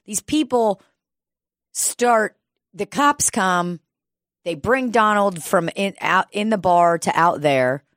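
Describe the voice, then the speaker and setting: A woman's voice: medium pitch, slow, no echo, studio quality. A woman telling a story in casual chat, swearing freely and acting it out with energy. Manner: profane, animated storyteller.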